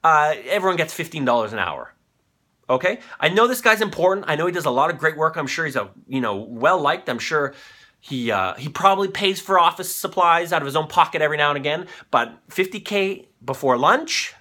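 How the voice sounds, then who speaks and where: A man's voice: a little high, expressive, brisk, sharp tone. A man in his thirties hosting a comedic news commentary show, ranting with profanity while on cold medication. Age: 30s. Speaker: host.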